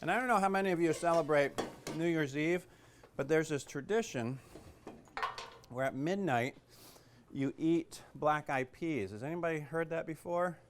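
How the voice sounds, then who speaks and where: A man's voice: a little high, normal speed, noisy background. Chatty man teaching a cooking class. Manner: chatty, joking asides, many fillers. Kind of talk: casual cooking demonstration. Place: kitchen classroom.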